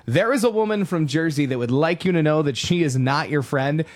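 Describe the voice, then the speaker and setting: A man's voice: on the high side, lively intonation, brisk. A man hosting a morning radio show, delivering upbeat, joking commentary. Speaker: radio host.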